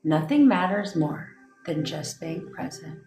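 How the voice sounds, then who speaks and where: A woman coach leads a guided meditation in a slow, hushed voice. Her tone sits a little low and soothing. The sound carries a noticeable room echo. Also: expressive, faint music behind. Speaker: manifestation coach.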